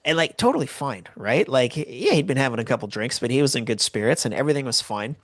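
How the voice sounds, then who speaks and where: A Canadian man telling a story in a loose, rambling way, full of "like" and false starts. His voice sits at an ordinary middle pitch and sounds dry and close, with no room around it. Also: lively intonation, quick pace, no echo. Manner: rambling, lots of "like" and restarts. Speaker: podcast host. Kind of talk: casual storytelling.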